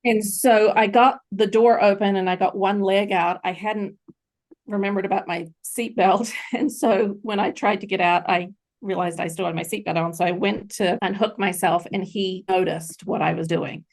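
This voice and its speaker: A woman's voice: mid-range voice, steady tone, normal speed, a little mellow. A middle-aged woman, a podcast guest, earnestly recounting a personal story in an interview.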